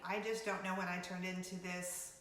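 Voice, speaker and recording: A woman in her forties hosting a casual vlog, telling a story in an animated, dramatic way and laughing often. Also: fairly low pitch, normal speed, a little hiss or hum. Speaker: vlogger host. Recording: very echoey room.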